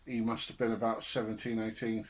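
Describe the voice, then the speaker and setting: A man's voice: lowish voice, flat delivery, fairly quick. A young man on a podcast telling family stories with laughter and swearing in casual chat. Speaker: podcast co-host.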